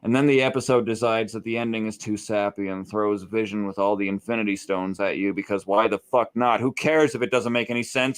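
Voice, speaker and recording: A man's voice: on the low side, fairly even intonation, a little fast, hardly any pauses, clear, resonant tone. A man hosting a podcast, recapping an episode in a casual, sarcastic, profane rant. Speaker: podcast host.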